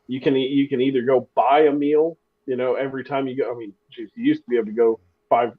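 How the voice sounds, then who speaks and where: A man's voice: mid-range voice, fairly even intonation, fast, phone-quality sound. A man co-hosting a podcast in casual chat, telling stories with a self-deprecating humor and frequent restarts. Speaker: podcast co-host.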